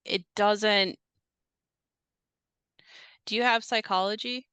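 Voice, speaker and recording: A young woman narrating a tabletop horror game as game master, measured and unhurried, with frequent hesitant fillers. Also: mid-range voice, steady tone, sharp tone, smooth, dry recording.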